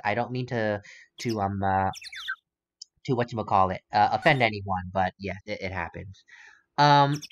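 A young man casually narrating gameplay, rambling and correcting himself as he goes. His pitch swings about a lot, animated and expressive, with faint hiss in the background. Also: highs cut off. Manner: rambling, self-correcting, grumbly asides. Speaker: let's play host.

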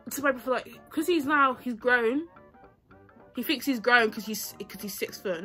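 Seorang perempuan muda beraksen bercerita santai dan bertele-tele, sering lupa arah ceritanya, dengan musik pelan di latar belakang. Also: female voice, on the high side, lively intonation, moderate pace, a bit bright, soft background music. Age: young adult. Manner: chatty, rambling, loses track, sings to herself. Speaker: vlogger. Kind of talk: casual storytime chat.

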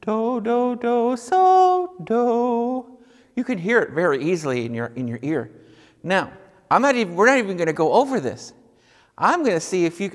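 A man's voice: a little high, in a large hall. A man teaching a music lesson to young children, patient and encouraging, guiding them through listening and clapping rhythms.

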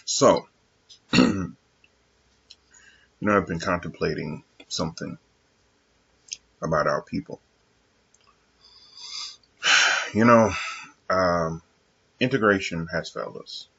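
A man with a very low, gravelly voice speaks to his viewers in an earnest, reflective monologue. His tone is heavily husky and breathy, and he pauses often. The recording is dull and lo-fi. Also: a bit bright. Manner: measured and earnest, with frequent pauses and fillers. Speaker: vlogger addressing his viewers.

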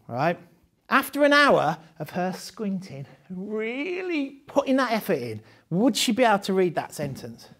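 A man's voice: fairly high pitch, fairly bright tone. A man leading a live training session for teachers, talking conversationally with rhetorical questions and frequent laughs.

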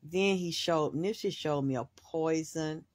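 A woman hosting a spiritual reading, rambling in an excitable monologue and swearing freely in long run-on sentences. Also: sits low, a little slow, no echo, clean studio sound. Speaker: host, spiritual reader.

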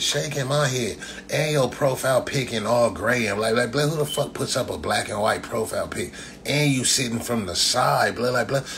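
Throwing "blood" in after nearly everything he says, a streamer casually and profanely trash-talks the people in his chat. The voice is mid-range and fairly bright, with a bit of background noise.

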